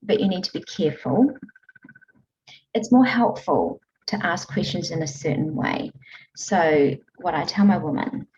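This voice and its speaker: A woman with a lowish voice speaks in an interview, earnest and animated as she tells stories and explains her coaching ideas. The audio is dull and lo-fi. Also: measured pace. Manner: earnest, animated storytelling with frequent laughs. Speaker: guest, emotional eating coach. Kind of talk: conversational interview.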